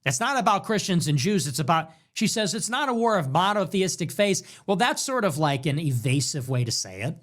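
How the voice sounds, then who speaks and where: A man's voice: fairly high pitch, sing-song, fairly quick, few pauses, fairly bright tone. A man hosting a commentary show, reacting to clips in a mocking, sarcastic way and repeating phrases back. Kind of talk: political commentary stream.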